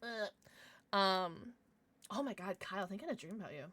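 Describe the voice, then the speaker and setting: A woman's voice: medium pitch, expressive, a little fast, bright, forceful tone, dry recording. A young woman livestreamer chatting casually with her viewers, giggly and rambling, with lots of restarts and fillers.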